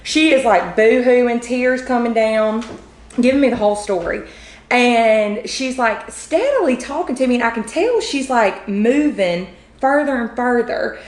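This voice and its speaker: A woman, a podcast guest telling a story in a chatty, animated way with many fillers. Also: a little high, a little slow. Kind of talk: casual storytelling. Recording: roomy echo.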